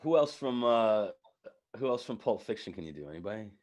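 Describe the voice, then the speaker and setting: A man's voice: lowish voice, very animated, brisk, darkish tone. A man on a video call, joking goofily and laughing at his own impression attempts. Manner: goofy, laughs at own attempts, stammers through restarts. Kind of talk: casual chat trading celebrity impressions.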